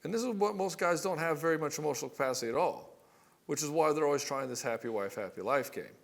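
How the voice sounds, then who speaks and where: A man's voice: on the high side, animated, fast talker, vocal fry. A middle-aged man coaching married men in a casual monologue, blunt and profane, acting out both sides of arguments. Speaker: relationship coach.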